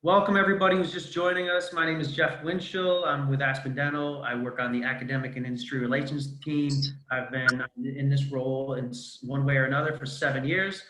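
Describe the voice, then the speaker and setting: A man's voice: mid-range voice, a bit bright, roomy sound, poor audio. A man hosting a casual live video call, friendly and chatty, with many ums. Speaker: host.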